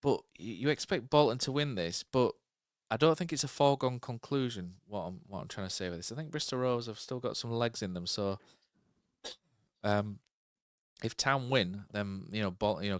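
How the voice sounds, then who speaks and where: Low, smooth-voiced man chatting football. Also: brisk, dry recording, studio quality. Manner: rambling, thinking aloud with fillers and tag questions. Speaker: podcast co-host. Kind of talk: casual football chat.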